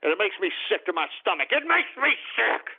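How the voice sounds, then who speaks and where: A man's voice: high-pitched, very animated, fast, creaky, slight background noise. A man hosting a call-in radio show, ranting angrily and cursing at his listeners. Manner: ranting, profane, shouting insults at trolls. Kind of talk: angry call-in radio rant. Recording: tinny phone-quality radio recording.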